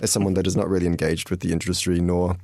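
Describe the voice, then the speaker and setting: Very deep-voiced New man. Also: little pitch movement, quick pace, a little mellow. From New Zealand. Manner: rambling, hesitant restarts. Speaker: radio show co-host. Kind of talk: casual chat. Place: radio studio.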